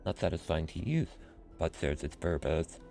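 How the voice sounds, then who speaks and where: Man doing a robot scholar voice, very low, gravelly, formal, measured monotone. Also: soft background music, exaggerated voice. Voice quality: deep, slow robotic monotone. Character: stately male robot scholar, calm and formal.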